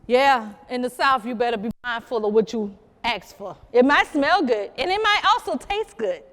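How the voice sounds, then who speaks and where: Speaking at a normal pace in a fairly high voice, a South Carolina woman performs live storytelling in a museum program room. She talks straight to the listeners with lively teasing, and the audio has a big-room sound.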